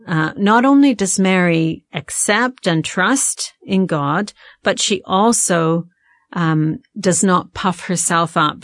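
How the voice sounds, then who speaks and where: A woman guest teaching on a Bible passage in a measured, explanatory way with frequent ums and uhs. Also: lowish voice, no room sound, studio quality. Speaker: guest theologian.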